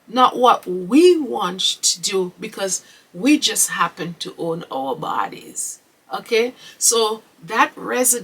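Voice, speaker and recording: A woman hosts a podcast on her own, speaking slowly and earnestly. Her voice is husky and she sits a little back from the mic. She presses her points with rhetorical questions and "okay?" asides. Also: on the high side, a bit bright, distant mic, rough recording. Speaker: podcast host. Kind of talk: solo podcast commentary.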